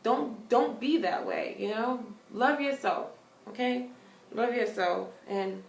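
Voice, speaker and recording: A young woman vlogging casual advice to her viewers, earnest and big-sisterly, getting animated when she tells stories. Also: on the high side, measured pace, vocal fry, a little hiss or hum. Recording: echoey room.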